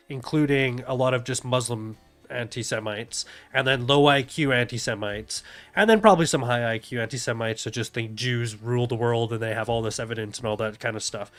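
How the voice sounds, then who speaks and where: A man's voice: medium pitch, fairly bright tone. A man streaming a casual rant commentary over videos, blunt and profane, often sneering and laughing. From Canada.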